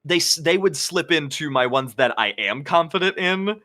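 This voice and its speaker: Brief: male voice actor guest, lively pitch, bright tone, chatty and expressive. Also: normal speed. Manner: animated, slips into British and American voices while telling stories. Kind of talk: casual roundtable chat.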